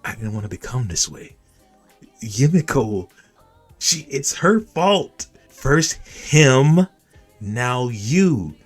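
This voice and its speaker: A man voicing an unstable young woman from an anime, jealous and volatile, pushing his voice up high and strained. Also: very animated, takes it slowly, faint music behind. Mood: distraught. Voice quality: raised, strained pitch.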